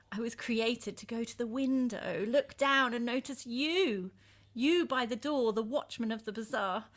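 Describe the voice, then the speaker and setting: A woman's voice: a little high, pushed and bright, full character voice. A woman performing a passionate, jealous and desperate woman lover in an intense dramatic reading of a verse epic. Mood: brooding. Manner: intense, swings from tender to bitter.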